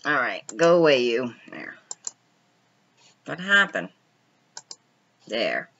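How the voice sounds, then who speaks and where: Slow-talking, bright-voiced woman host. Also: a bass voice, sing-song, lo-fi sound. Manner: reads viewer comments aloud and laughs often; chatty storytelling. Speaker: live-stream host. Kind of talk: casual live-stream chat.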